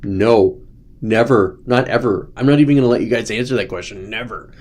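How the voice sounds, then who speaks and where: A man's voice: lowish voice, a little fast, a little mellow. A man hosting his own show, talking in a loose, ranting, sarcastic way and often slipping into mocking quotes. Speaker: host. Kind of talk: casual political commentary.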